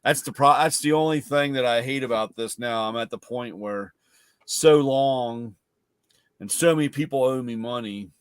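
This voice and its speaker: Dude chatting loosely about customers, dry mic sound. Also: male voice, mid-range voice, normal speed, clean tone, dry recording. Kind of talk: casual chat.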